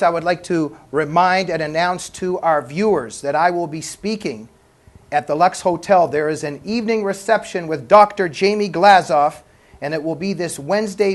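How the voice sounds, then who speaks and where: A man from Canada hosting a panel talk show, joking and laughing often. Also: sits high. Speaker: host.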